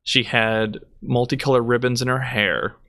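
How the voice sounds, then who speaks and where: A man's voice: mid-range voice, fairly even intonation, normal speed, bright, forceful tone, no room sound, clean studio sound. A man from Michigan with a Midwestern accent and a little Texas twang, telling stories animatedly on a live stream and laughing often. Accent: Midwestern American with some Texas twang. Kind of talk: casual storytelling chat.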